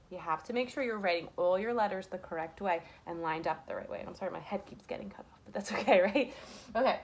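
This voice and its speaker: A young woman runs a remote writing lesson for small children, her sing-song voice full of encouraging rhetorical questions. She records at home on a camera mic. A faint room hum sits underneath her medium-pitched voice. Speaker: kindergarten teacher.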